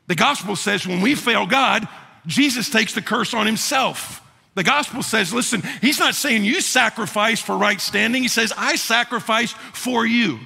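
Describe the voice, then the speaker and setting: A man preaching a sermon as pastor, animated, with joking asides and mock voices for the figures he quotes. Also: sits high, normal speed, gravelly, breathy edge. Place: church sanctuary. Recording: reverberant church sanctuary.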